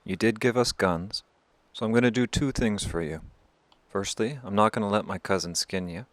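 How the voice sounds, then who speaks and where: A man's voice: lowish voice, normal speed, no room sound, close to an everyday voice. A man doing a blunt, shrewd war chief. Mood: firm, blunt. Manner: blunt and scolding.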